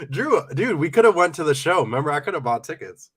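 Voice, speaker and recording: A man's voice: a little high, wildly swooping pitch, moderate pace, pushed and bright, breathy edge. A man hosting a casual live stream, stuffy and nasal from a cold, joking and hyping viewers. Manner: playful, hyped, laughs often.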